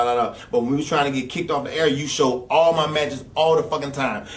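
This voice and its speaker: A former wrestler in an interview, telling stories in a blunt, angry and heavily profane rant. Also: male voice, fairly high pitch. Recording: echoey room, speaker far from mic.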